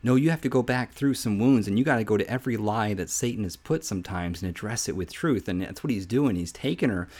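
A man with a very low voice gives an earnest Bible teaching on a podcast. He talks through scripture in a relaxed devotional way, and his voice falls to a soft hush for the quoted verses. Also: fast talker, few pauses.

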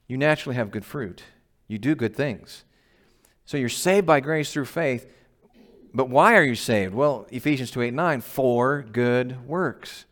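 A man's voice: medium pitch, a bit bright. A man, a pastor, giving a conversational, emphatic sermon and often asking the congregation questions. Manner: laughs at himself.

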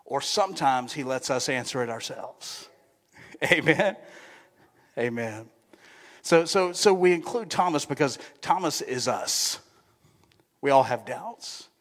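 A man's voice: medium pitch, expressive, slow pace, long pauses, fairly bright tone. A male pastor preaching a sermon in a conversational manner, often checking in with the congregation. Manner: conversational, keeps asking the congregation "right?". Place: church sanctuary. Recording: long church-hall reverb.

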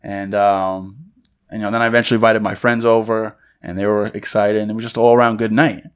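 A young man co-hosting a podcast, telling a story in a loose, animated way and acting out the voices of the people in it. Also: fairly low pitch, fairly quick, clear, resonant tone. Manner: loose and conversational, many fillers. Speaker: podcast co-host. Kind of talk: casual storytelling chat.

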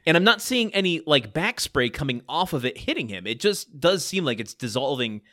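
Man, podcast co-host, casual recap, laughs often, lively pitch, dry close sound. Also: a little fast, no echo. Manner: laughs easily, loose recapping. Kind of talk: casual chat, recapping episodes.

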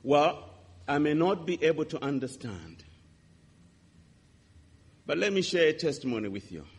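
A man preaching a sermon, telling a testimony with impassioned swings between loud and hushed delivery. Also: on the high side, expressive, a little slow, breathy edge. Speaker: pastor. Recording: reverberant hall.

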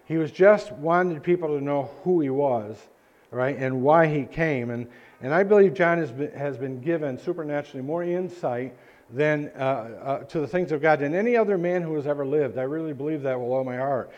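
A male pastor preaching a sermon in a church, earnest and halting, with frequent restarts. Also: on the high side, darkish tone, muffled recording. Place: church sanctuary.

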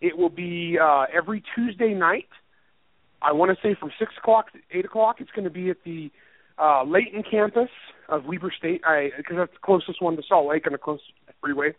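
A man who is an author rambles through a casual interview, laughing often and poking fun at himself. His voice sits a little high for a man. The sound is tinny and phone-like, with a dry room. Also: fairly quick, no room sound. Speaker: author and writing teacher.

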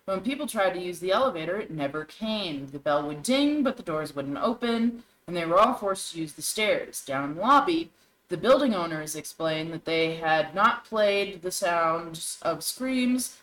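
Woman, lower pitch, dramatic reader, spooky story reading, podcast co-host. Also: lively intonation, moderate pace, fairly bright tone, poor audio. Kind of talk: reading scary stories aloud.

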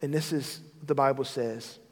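A man preaching a sermon as a pastor, swinging between loud declarations and hushed, intimate moments. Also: medium pitch, fairly even intonation, moderate pace, big-room sound.

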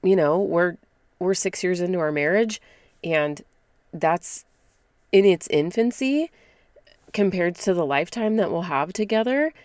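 A woman's voice: lowish voice, animated, measured pace, long pauses, a little mellow, dry recording, studio quality. A woman in her thirties hosting a podcast, giving casual, direct advice and laughing often. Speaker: podcast host. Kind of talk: casual motivational talk.

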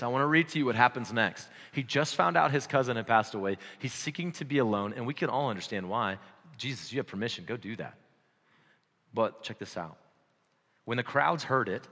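A man gives a sermon in a casual, talkative way, bursting into loud exclamations and then dropping to quiet, reflective moments. His voice is bright and forceful. It rings out with long reverb in a large church hall. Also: mid-range voice. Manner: conversational and animated, swinging between loud exclamations and quiet reflection. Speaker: pastor.

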